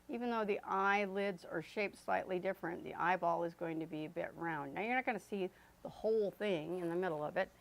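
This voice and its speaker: A woman's voice: on the low side, gravelly. Chatty woman teaching oil painting. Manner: chatty, with fillers and self-corrections. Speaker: art instructor. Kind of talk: painting demonstration.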